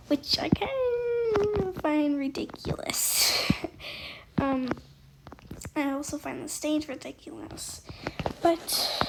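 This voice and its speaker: A woman telling a rambling personal story while playing a game, full of fillers and soft, half-whispered asides. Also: high voice. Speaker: storytime gamer. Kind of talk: casual storytime while gaming. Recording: loud background noise.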